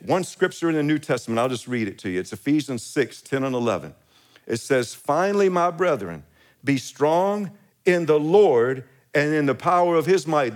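A man delivering a sermon in a slightly high voice. He reads scripture passages aloud and swells on the key lines. Between phrases he chuckles lightly and invites the congregation to repeat his words back to him. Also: animated, normal speed. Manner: preaching with scripture readings, rising emphasis on key lines. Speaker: pastor.

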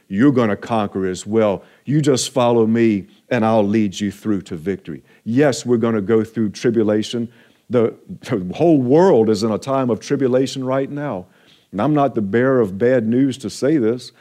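A man pastor preaching an earnest, encouraging sermon, slowing down for emphasis. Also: medium pitch, mellow.

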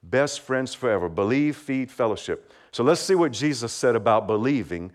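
A man delivers a sermon in an easy, friendly way, at a middle pitch. He checks in with his listeners often, leads call-and-response, and laughs lightly between his points. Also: animated, moderate pace. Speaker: preacher. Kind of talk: children's sermon.

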